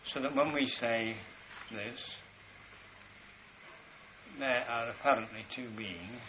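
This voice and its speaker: A man's voice: mid-range voice, a little hiss or hum. Man lecturing on an old lo-fi tape. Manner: measured, explanatory, slows to stress key words. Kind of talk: spoken lecture with drawings.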